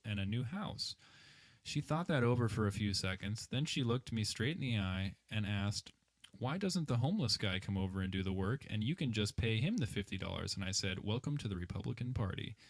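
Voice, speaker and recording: A man's voice: fairly low pitch, no room sound. A man hosting a podcast, reading a story aloud and adding dry joking asides. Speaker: podcast host.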